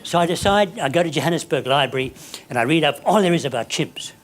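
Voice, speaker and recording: An older man, telling a story to an audience in an animated, hammy way that climbs up to shouting. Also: on the high side, fast.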